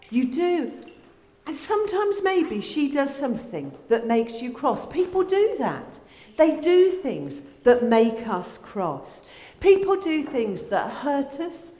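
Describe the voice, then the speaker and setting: A woman leads a children's address in church, telling a story in a gentle way. Her voice is fairly high and swings up and down a lot, and she takes her time. The sound carries a long, roomy church-hall echo. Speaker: children's talk leader. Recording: echoey hall with long reverb.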